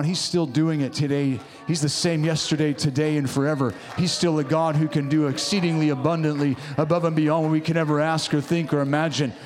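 A man's voice: mid-range voice, darkish tone. A man preaching a sermon in church, fervent and exhorting, often urging the room on. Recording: long reverb of a large hall.

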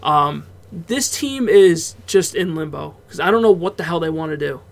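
A man's voice: fairly high pitch, moderate pace, vocal fry. A man co-hosting a casual sports podcast, talking loosely and swearing now and then. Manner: relaxed, swears freely, breaks off into laughs. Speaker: podcast co-host.

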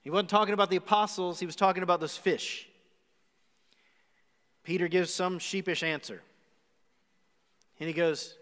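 A man's voice: on the high side, fairly even intonation, moderate pace, pauses often, a bit bright. A male pastor preaching a live sermon in a church, retelling a story dramatically and speaking straight to his listeners. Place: church sanctuary. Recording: live church recording with long reverb.

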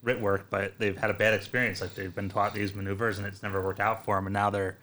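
A man's voice: lowish voice, level tone, fast talker, fairly bright tone. A man hosting a casual talk, asking loose, rambling questions with a lot of restarts.

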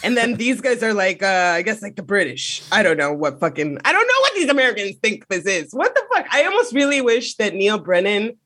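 A man co-hosting a casual podcast, animated and profane, often laughing while he talks. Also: high-pitched, fairly quick, hardly any pauses. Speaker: podcast co-host.

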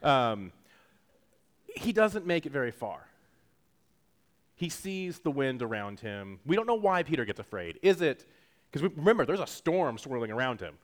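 A man's voice: mid-range voice, sing-song, normal speed, long pauses. A man preaching a sermon in a casual, jokey teaching style, acting out quotes as he goes. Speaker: pastor.

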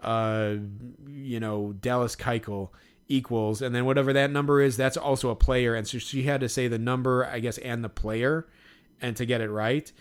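A man's voice: mid-range voice, fairly even intonation, normal speed, clear, resonant tone. A man co-hosting a podcast, telling a story casually, laughing as he talks and imitating others. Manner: chatty storyteller, laughs while talking, mimics others. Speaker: podcast co-host. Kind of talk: casual chat.

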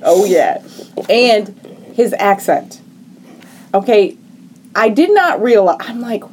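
A woman co-hosting a podcast, chatting in an animated, opinionated way with jokey asides. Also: mid-range voice, takes it slowly, long pauses, a little hiss or hum. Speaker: podcast co-host. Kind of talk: casual chat.

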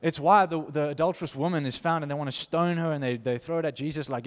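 Male preacher, emphatic and lively, slightly high pitch, recorded with long hall reverb. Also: fast. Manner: animated, emphatic, laughs between points. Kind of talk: informal sermon with scripture reading.

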